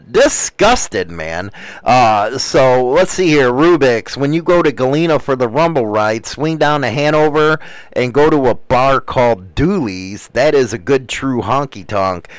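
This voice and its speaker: Rambling profane guy, smooth dry voice. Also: mid-range voice, no room sound, low-quality recording. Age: adult, married. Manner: rambling, profane, many fillers and "man". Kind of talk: casual rambling chat.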